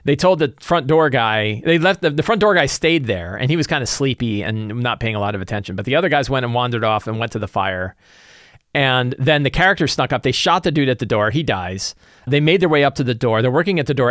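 A man acting as game master, giving an animated, casual recap of his tabletop session full of fillers. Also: medium pitch, dry recording, studio quality. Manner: animated retelling with many fillers.

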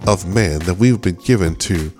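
A man's voice: low voice, moderate pace, darkish tone, soft background music. A middle-aged man hosting a devotional talk, earnest, often repeating and restarting words as he speaks. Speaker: podcast host.

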